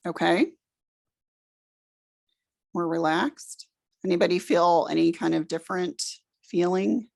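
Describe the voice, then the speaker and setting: A middle-aged woman leading a room through a guided relaxation exercise, giving slow, soothing instructions. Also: lowish voice, vocal fry, darkish tone. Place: presentation room with an audience.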